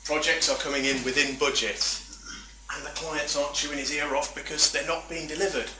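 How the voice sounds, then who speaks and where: A man's voice: a little high, steady tone, a little fast, sharp tone, a little hiss or hum. A man giving a chatty, self-deprecating talk at a meetup, full of rambling asides. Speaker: conference speaker. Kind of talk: presentation talk. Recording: echoey room from far off.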